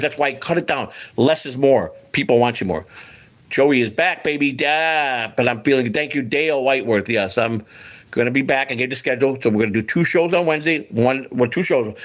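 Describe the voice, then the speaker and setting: Man, host, casual live chat, rapid, rambling, profane, acts out quotes. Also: mid-range voice. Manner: fast, rambling and profane, with lots of restarts; acts out quoted people in his voice.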